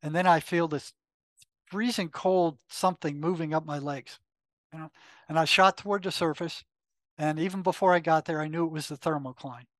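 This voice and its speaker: A retired psychotherapist, an older man, tells a personal story as an interview guest, voicing his inner dialogue aloud with lots of fillers and restarts. His voice sits a little high, his pace is moderate, and the recording has no room sound. It's animated, conversational storytelling.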